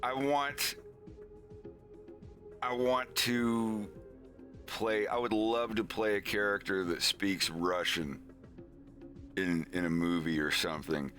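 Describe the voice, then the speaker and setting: A man's voice: lowish voice, steady tone, slow, pauses often, a bit bright, faint music behind. A man chatting casually on a live stream, rambling with lots of fillers as he talks through his animation.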